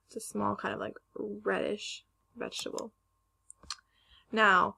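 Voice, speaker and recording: Slow, gravelly woman teaching phonics. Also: mid-range voice, pushed and bright. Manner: slow, careful, stretching sounds to model pronunciation. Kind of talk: recorded phonics lesson for young children.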